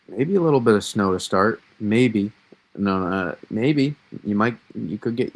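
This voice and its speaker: A man with a Massachusetts accent hosting a casual live weather analysis, thinking aloud in a halting way with many fillers. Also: fairly low pitch, expressive, gravelly. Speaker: weather stream host.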